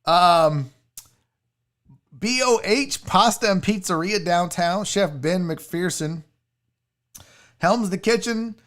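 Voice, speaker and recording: A man's voice: high voice, slow pace, long pauses, a bit bright. A young man hosting a show, ranting casually about food with rowdy, profane, mock-angry outbursts. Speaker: sports show host. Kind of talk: casual livestream rant.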